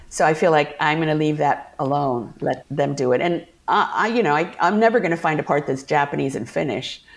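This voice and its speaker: Middle-aged woman guest, kinda low voice, animated storyteller, laughs a lot. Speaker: guest actor. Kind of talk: casual storytelling interview.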